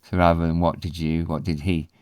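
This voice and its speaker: A man teaching a language in a relaxed, explanatory way, pausing often with ums. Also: low voice, clean tone, no room sound, studio quality. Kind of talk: casual spoken lesson.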